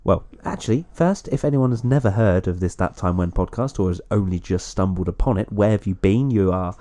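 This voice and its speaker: A man's voice: low voice, fairly quick, mellow. A man hosting a casual podcast chat in a playful, jokey manner. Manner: playful, jokey, laughs often. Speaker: podcast host.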